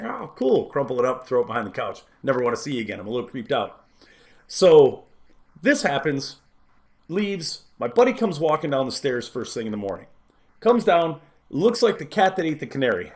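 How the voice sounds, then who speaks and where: Rambling, frank male storyteller. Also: mid-range voice. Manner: rambling, frank, animated, with many fillers. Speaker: podcast host. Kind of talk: casual storytelling.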